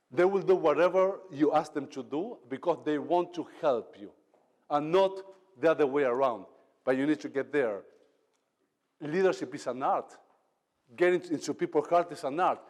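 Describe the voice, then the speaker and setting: Man speaking in a reverberant hall. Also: on the high side. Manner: emphatic, acts out quoted lines. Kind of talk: motivational talk on leadership. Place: event hall.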